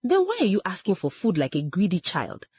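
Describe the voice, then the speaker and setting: A woman's voice: fairly low pitch, huge pitch swings, fairly quick, slightly rough, no echo, studio quality, heavily acted. Bitter scolding mother, as a woman reads her. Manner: sharp, scolding. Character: bitter, harsh village mother, middle-aged woman.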